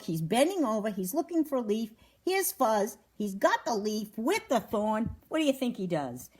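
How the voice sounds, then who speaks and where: Breathy, gentle woman storyteller. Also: fairly high pitch, very animated, normal speed, hardly any pauses. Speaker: animal rescue host. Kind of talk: reading a children's story on a livestream.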